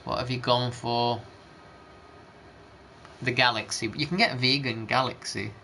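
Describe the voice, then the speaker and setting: A man's voice: mid-range voice, steady tone, measured pace, creaky, bright, forceful tone, rough recording. Rambling man. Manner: rambling, chatty, mild swearing. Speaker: gaming streamer. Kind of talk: casual gameplay commentary. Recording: background noise.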